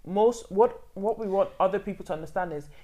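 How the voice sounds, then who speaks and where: A woman's voice: mid-range voice, fairly quick, warm tone. A woman co-hosting a podcast in casual chat, speaking emphatically and earnestly. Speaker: podcast co-host.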